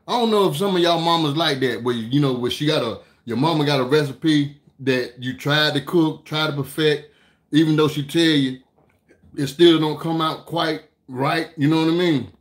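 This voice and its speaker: A man's voice: a little high, fairly bright tone. Folksy chatty man cooking host. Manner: folksy, chatty, drawn-out storytelling with lots of "man" and "y'all". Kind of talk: casual cooking talk to viewers.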